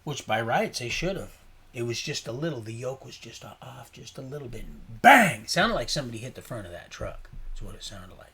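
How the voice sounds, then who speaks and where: A man hosting a livestream, talking in a meandering, folksy way that mixes faith talk with swearing and swings between quiet asides and sudden loud bursts. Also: medium pitch, expressive, a little fast, husky. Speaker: livestream host. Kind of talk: rambling casual livestream talk.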